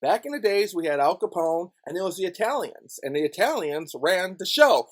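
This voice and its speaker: A man's voice: sits high, animated, normal speed, few pauses. A man from Chicago on his YouTube channel, delivering a heated, profane, repetitive rant. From Chicago, USA. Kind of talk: ranting monologue vlog.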